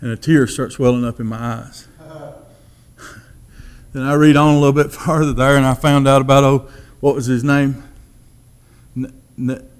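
A man preaches his testimony in a folksy, storytelling way. His voice sits in a middle pitch, and he drops low and quiet when quoting his own thoughts. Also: steady tone, moderate pace, long pauses, smooth. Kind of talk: testimony sermon.

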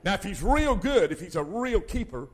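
An older man preaching a sermon as pastor, swinging between loud exhortation and quiet asides. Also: sits high, big pitch swings, normal speed.

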